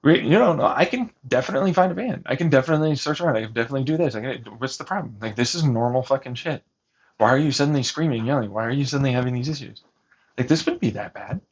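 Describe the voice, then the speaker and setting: A man's voice: medium pitch, lively intonation, very fast, husky. A man arguing and then ranting about the dispute in an insistent, mocking, profane way. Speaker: vlogger recounting a family dispute. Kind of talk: heated argument and ranting commentary. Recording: dull lo-fi recording.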